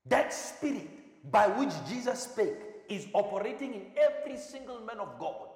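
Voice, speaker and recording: A man's voice: high-pitched, very animated, moderate pace. A man preaching a sermon, firing questions at the congregation and repeating phrases for emphasis. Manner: call-and-response questioning, emphatic repetition. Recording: echoey hall with long reverb.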